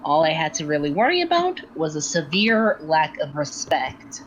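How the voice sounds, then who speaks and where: A woman playing a proud, guarded adventurer born in hell, speaking in a measured way. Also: low-pitched, sing-song, lo-fi sound, slight background noise.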